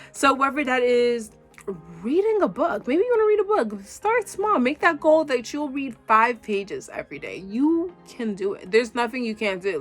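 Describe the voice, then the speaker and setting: A woman talking casually on her vlog, upbeat and encouraging, chatting freely and laughing often. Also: fairly high pitch. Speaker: vlogger. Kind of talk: casual motivational vlog talk.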